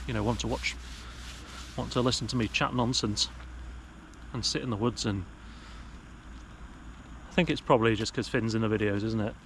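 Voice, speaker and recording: A man's voice: on the low side, fairly even intonation, moderate pace, long pauses, a little hiss or hum. A young British man vlogging while sitting outdoors in woodland, chatting in a wry, self-mocking way with rambling jokes, recorded on an action camera. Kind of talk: casual chat to camera.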